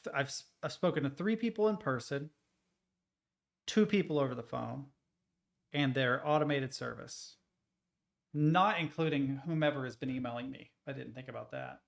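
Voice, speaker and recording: A young man streaming live, chatting casually and ranting with plenty of swearing and animated retellings. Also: a little high, vocal fry.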